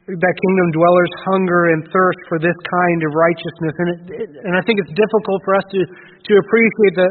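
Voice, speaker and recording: High-voiced preacher on tinny radio. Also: male voice, slight background noise. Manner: earnest preaching with frequent restarts and pauses. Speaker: pastor. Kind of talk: sermon. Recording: phone-like radio broadcast with long reverb.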